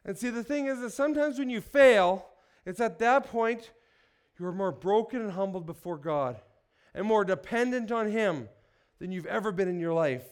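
A high-voiced man preaching into a microphone in a church hall. He is energetic and jokes with the congregation, tossing them questions. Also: moderate pace, clean tone. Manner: energetic, joking, asks the crowd questions. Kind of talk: sermon.

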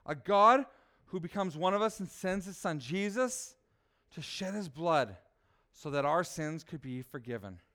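High-voiced, smooth male preacher. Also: animated, a little slow. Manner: rhetorical, asks "right?", swings soft to loud. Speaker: pastor. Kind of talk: sermon.

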